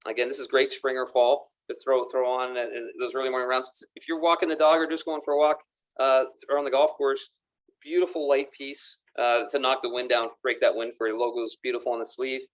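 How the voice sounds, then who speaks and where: A man's voice: mid-range voice, level tone, fairly quick. Guy doing a golf shop clothing demo on camera, upbeat, stumbles and repeats himself a lot, medium voice. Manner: enthusiastic, repeats words often. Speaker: golf pro shop presenter. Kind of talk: casual product demonstration to camera. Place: indoor golf pro shop. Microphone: camera mic, moves around the room.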